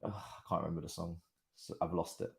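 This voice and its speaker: A man hosting a live football watchalong stream, chatting through the match as a fan and bursting into shouts at big moments. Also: low voice, a little fast, vocal fry. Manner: excitable, erupts into shouts and laughs at goals. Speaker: watchalong host.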